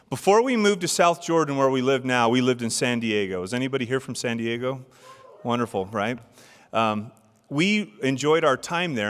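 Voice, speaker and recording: A man's voice: medium pitch, a bit bright. A middle-aged man giving a devotional address, telling stories and asking the audience questions. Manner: storytelling with rhetorical questions to the audience. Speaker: church speaker. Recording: long hall reverb.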